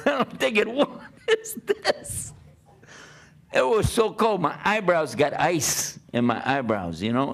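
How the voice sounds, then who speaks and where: An older man preaching, telling a personal story in an animated way and often laughing as he talks. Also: a little high. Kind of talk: storytelling talk.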